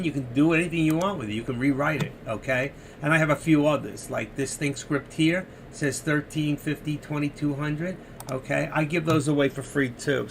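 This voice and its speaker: A man's voice: a little high, gravelly, fairly bright tone, a little hiss or hum. A man walking viewers through trading chart setups in a casual live stream, rambling and muttering to himself while he searches the screen. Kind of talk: casual screen-share tutorial.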